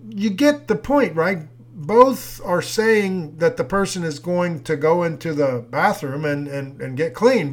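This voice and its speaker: Male preacher on an audio teaching; slightly high voice, easygoing and explanatory, full of fillers. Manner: conversational, with fillers and restarts; explains with homely examples. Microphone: audio recording.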